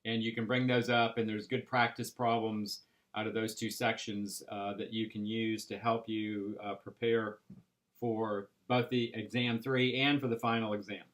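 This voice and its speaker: A man teaching an algebra class, explaining step by step in a patient way with frequent pauses and "right?" checks. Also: fairly low pitch, flat delivery, fairly bright tone. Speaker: math instructor. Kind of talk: recorded classroom lecture.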